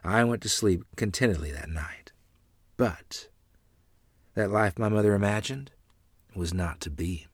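A man's voice: fairly low pitch, unhurried, pauses often, husky, no echo, studio quality. A man narrating a family memoir aloud in a plain, earnest reading.

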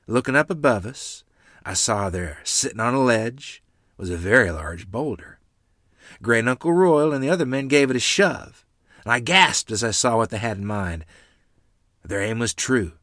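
Lively male storyteller. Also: medium pitch, dry recording, clean studio sound. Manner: lively, animated reading with character voices. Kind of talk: storytelling narration.

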